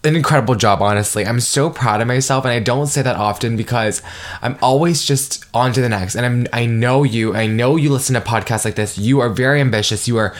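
A young man in his twenties hosting his own podcast, gushing with feeling and swearing freely as he talks straight to his listeners. His voice sits at an ordinary middle pitch but jumps up whenever he gets excited. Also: brisk. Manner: emotional, effusive, swears freely; animated, jumps higher when excited. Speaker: podcast host. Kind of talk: solo motivational podcast monologue.

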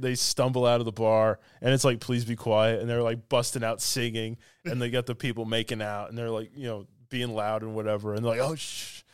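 A man's voice: mid-range voice, clean tone, no room sound. Laughing man retelling a film, dry sound. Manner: animated retelling, laughing often. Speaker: podcast co-host. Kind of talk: casual film review chat.

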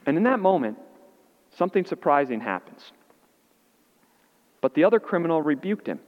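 A man preaching a sermon as pastor, animated and acting out the voices he quotes. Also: moderate pace, long pauses. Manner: animated, acts out quoted voices with rising pitch. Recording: muffled audio in a reverberant hall.

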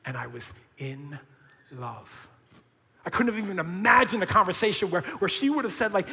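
Emphatic male preacher, high-pitched and bright, casual slangy delivery, reverberant church hall. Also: expressive, a little fast. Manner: emphatic, swings between hushed and shouting; conversational, uses slang. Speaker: pastor. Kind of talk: sermon.

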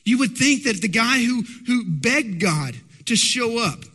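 A man's voice: extremely high pitch, animated, unhurried, pushed and bright, breathy edge. A man preaching a sermon as pastor, emphatic and asking the congregation rhetorical questions. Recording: long hall reverb.

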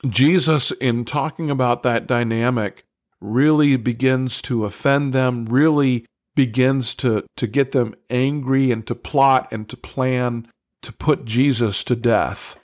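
A man's voice: mid-range voice, fairly even intonation, slow pace, no echo. A man giving a devotional Bible lesson, taking his time over each phrase and stressing the words he wants remembered. His voice sits in an ordinary middle register. The sound is dry and close, with no room around it. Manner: earnest, emphatic on key words, asks listeners directly. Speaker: Bible teacher.

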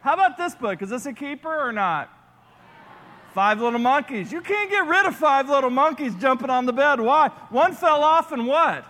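High-voiced pastor in a big echoing hall. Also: male voice, normal speed. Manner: playful, animated storytelling. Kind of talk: sermon.

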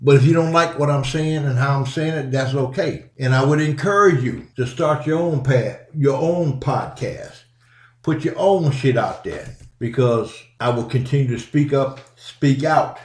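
A man's voice: mid-range voice, a little slow, echoey room. A middle-aged man hosting his own podcast, talking bluntly and casually and repeating himself for emphasis. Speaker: podcast host. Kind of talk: casual solo podcast commentary.

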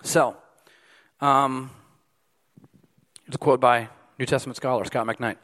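A man preaching a sermon as pastor, emphatic, swinging from loud peaks to hushed lines. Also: mid-range voice, measured pace, long pauses. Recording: long hall reverb.

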